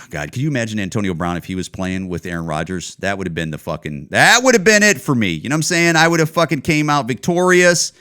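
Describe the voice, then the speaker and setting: A man's voice: fairly low pitch, a bit bright. A man in his forties hosting his own podcast alone, rambling and swearing heavily as he rants about football. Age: 40s. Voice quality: profane, rambling, heated. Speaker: podcast host. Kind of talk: casual solo podcast rant. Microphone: home camera setup.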